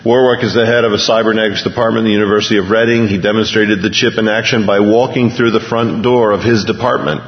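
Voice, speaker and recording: A man's voice: fairly low pitch, fairly even intonation, fast, hardly any pauses. A male pastor preaching a sermon in a conversational way, reading a news item aloud and restarting his sentences as he goes. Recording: dull lo-fi recording with long hall reverb.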